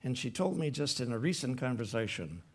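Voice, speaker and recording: A man's voice: medium pitch, big pitch swings, fairly quick, husky. A man, a pastor, telling a story during a sermon in a conversational way. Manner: conversational, retells a story with quoted dialogue. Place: church platform.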